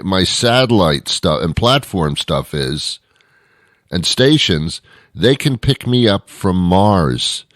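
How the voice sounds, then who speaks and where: A man's voice: lowish voice, fairly bright tone, dry recording, studio quality. A male radio show host delivering a comedic, rambling monologue with sarcastic, mock-boastful asides.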